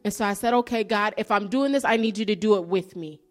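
A woman's voice: medium pitch, quick pace, faint music behind. A woman giving an earnest sermon-style testimony, telling her story and rising into preaching emphasis.

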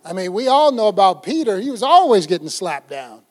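A man's voice: sits high, very animated, fairly quick. An older man preaching a folksy, conversational sermon, acting out little scenes as he goes. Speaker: pastor.

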